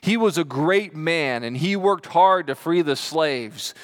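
Guy pastor giving a sermon, lively, voices the people he quotes, big church echo. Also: slow pace. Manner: animated, acts out quoted voices with big pitch jumps. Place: church sanctuary.

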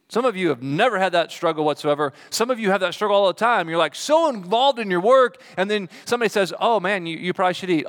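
A man preaching a sermon as pastor, animated, acting out quoted voices with big jumps in pitch. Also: in a large hall. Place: church sanctuary.

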